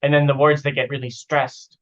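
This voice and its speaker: A man's voice: medium pitch, a little fast, lo-fi sound. Man teaching pronunciation over a video call. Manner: relaxed, repeats example phrases to model pronunciation. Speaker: IELTS speaking teacher. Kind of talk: casual spoken feedback lesson. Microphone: online video call.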